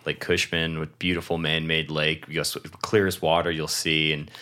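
A man's voice: very deep voice, little pitch movement, normal speed, bright, forceful tone. A young man from Washington state, co-hosting a podcast in casual chat, rambling through stories, laughing often and swearing freely. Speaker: podcast co-host.

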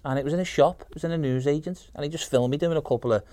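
A quick, chatty man, talking as a podcast guest. His voice sits close and dry with no room around it. He laughs easily as he talks. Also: fairly high pitch, mellow, no room sound. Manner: quick, chatty, laughs while telling stories. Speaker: impressionist guest. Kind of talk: casual podcast chat.

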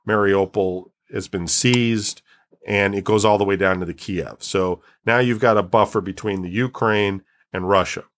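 A man with a somewhat low voice, talking casually in a loose, rambling way. He stops and restarts often and fills the gaps with "like" and "um" while he explains things at length. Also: a bit bright. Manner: rambling, many fillers and restarts. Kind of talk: casual chat.

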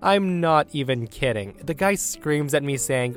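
A man's voice: a little high, very animated, a little slow, few pauses, clean tone, faint music behind. A man narrating a story aloud in a casual, wry way, speaking straight to his listeners.

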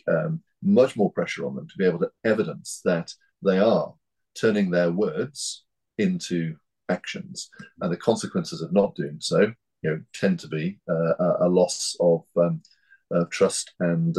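A man in his fifties from North East England, speaking as an interview guest in a measured, hesitant way with many fillers and restarts. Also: sits low, dark tone, breathy edge, low-quality recording. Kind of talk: reflective interview talk.

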